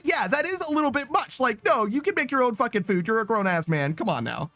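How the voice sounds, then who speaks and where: Animated young man streaming, high lively voice. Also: quick pace, hardly any pauses, no echo. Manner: animated, swearing, breaks into laughter. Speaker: streamer reading chat. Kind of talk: casual live-stream chat.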